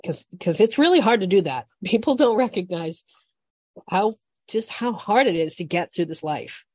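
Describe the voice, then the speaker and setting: A woman with a low, mellow voice talks through dating advice in a frank, conversational monologue. She restarts her sentences and swears for emphasis. The sound is dry and close. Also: no echo. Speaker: podcast host.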